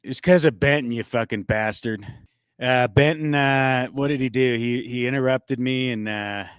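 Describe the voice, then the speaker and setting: A man's voice: medium pitch, moderate pace, clear, resonant tone, dry recording. A man as a guest on a casual livestream talk show, loose and joking with frequent swearing.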